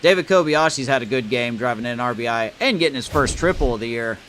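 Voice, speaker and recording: A man's voice: mid-range voice, lively intonation, fast talker, a bit bright, a little hiss or hum. A man casually commenting on his baseball video game, chatty and self-deprecating, reacting to each play. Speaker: gamer playing a baseball franchise mode.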